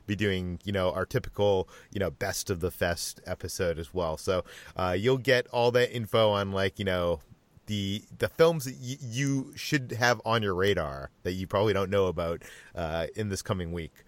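A man hosting a casual podcast, relaxed and rambling with fillers. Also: deep voice, normal speed, no room sound. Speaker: podcast host, editor-in-chief. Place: Los Angeles.

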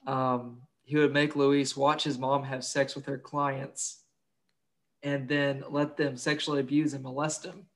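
A man's voice: medium pitch, little pitch movement, unhurried, a bit bright. A young man co-hosting a casual podcast, crude and joking, swearing freely. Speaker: podcast co-host.

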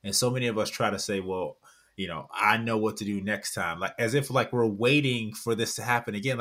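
A man in his thirties, a guest author on a casual podcast, talks earnestly in a fairly low, fairly bright voice at a fairly quick clip. He rambles, repeats words, and acts out little quotes as he goes.

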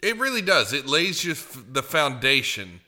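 A man co-hosting a podcast, chatting casually and making crude, provocative dark jokes with a lot of swearing. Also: a little high, big pitch swings, normal speed. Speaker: podcast co-host. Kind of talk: casual chat.

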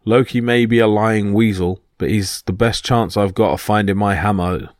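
A man voicing a hot-tempered male thunder god who shouts threats in a low voice. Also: fairly even intonation, normal speed, dry recording, clean studio sound, lightly acted. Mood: blunt. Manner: bellowing, furious threats.

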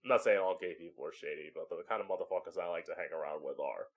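A man's voice: low-pitched, fast, lo-fi sound. A man hosting his own podcast from home, talking in a candid, chatty way and swearing freely. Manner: chatty and candid, swears often, acts out voices for effect. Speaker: podcast host. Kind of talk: casual solo podcast monologue.

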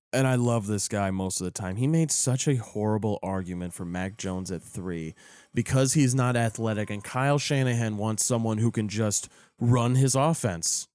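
Animated, laughing man talking sports. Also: medium pitch, no room sound, clean studio sound. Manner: animated, laughing often, halting restarts. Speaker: podcast co-host. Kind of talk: casual sports chat.

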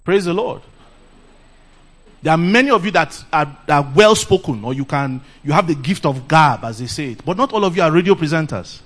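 A middle-aged man from Nigeria with a Nigerian accent, preaching a lively sermon and laughing often. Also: fairly high pitch, normal speed. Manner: animated, laughs often, calls "Praise the Lord". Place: church camp meeting.

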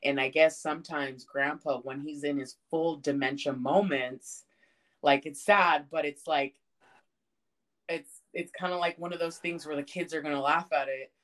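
Profane, animated young woman storyteller. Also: sits low, moderate pace. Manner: profane, animated storytelling with loud outbursts and laughter. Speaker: podcast co-host. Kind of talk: casual chat.

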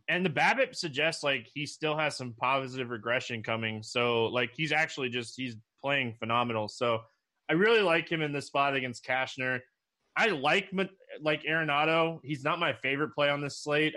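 A man's voice: mid-range voice, sharp tone. A man giving fantasy baseball picks in a casual chat, with many "like" fillers. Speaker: co-host analyst. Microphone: desk mic.

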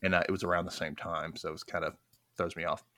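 A man's voice: low-pitched, little pitch movement, quick pace, sharp tone, no room sound, clean studio sound. A man with a Southern American accent from Mississippi, hosting a casual podcast, rambling and laughing at his own jokes. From United States. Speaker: podcast host.

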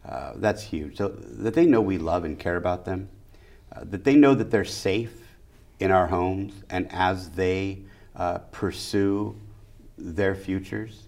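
A middle-aged man with a very low, deep voice, talking as an educator in an interview. He hammers his points home, stacking short phrases into rhythmic lists. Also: slow, gravelly, a little mellow. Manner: emphatic, repeats key phrases in rhythmic lists. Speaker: educator and school leader. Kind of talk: interview conversation.

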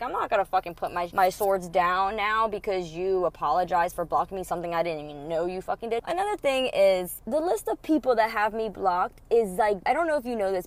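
A woman in her thirties hosting a solo podcast, telling stories in a blunt, profane, animated way and quoting other people. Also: medium pitch. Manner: blunt, profane, animated retelling with quoted voices. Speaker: podcast host. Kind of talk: casual solo podcast storytelling.

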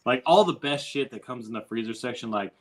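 A man's voice: medium pitch, fairly quick, crowd noise, rough recording. A man co-hosting a podcast, telling a story in a rambling, easygoing way with lots of swearing. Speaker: podcast co-host. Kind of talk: casual storytelling chat.

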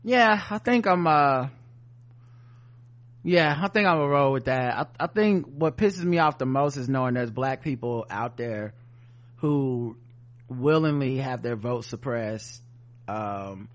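A man's voice: medium pitch, lively intonation, unhurried. A man co-hosting a podcast, reading news headlines and riffing on them in casual, sardonic, profane chat. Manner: profane, sardonic, reads headlines then riffs. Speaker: podcast co-host.

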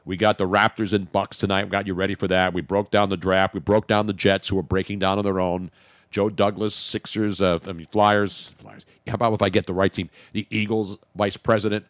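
A man's voice: low voice, little pitch movement, brisk, no room sound. A man hosting a sports talk radio show, joking brashly and crudely in casual banter.

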